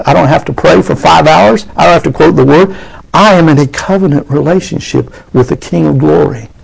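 A man preaching to his congregation, fervent and building to excited peaks. His voice sits a little high for a man and has a gravelly, rough edge to it. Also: rough recording. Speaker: pastor. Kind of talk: sermon.

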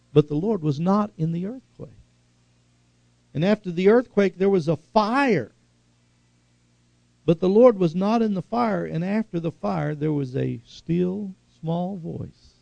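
A man preaching a sermon, swinging from loud, high exhortation to hushed, slow earnestness. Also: vocal fry, no echo, muffled recording.

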